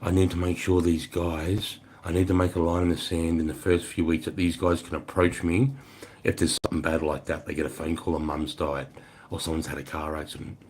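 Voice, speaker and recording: A man's voice: sits low, a little fast, slight background noise. A middle-aged Australian man chatting casually on a livestream, swearing freely as he tells stories. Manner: swears freely, relaxed storytelling. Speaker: livestream host.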